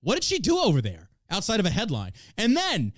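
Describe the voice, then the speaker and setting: A man from the United States hosting a podcast, ranting in a crude, mocking, animated way about politics. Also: sits high, a little fast, no room sound, studio quality. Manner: animated, crude, mocking, puts on silly voices for others. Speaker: podcast host. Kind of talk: profane political podcast rant.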